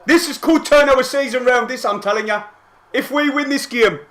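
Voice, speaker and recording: Young lad with a high voice, streaming live football reactions and swinging between yells and quiet chat-reading. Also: male voice, normal speed. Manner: excitable, shouting and swearing at goals, then quietly reading chat.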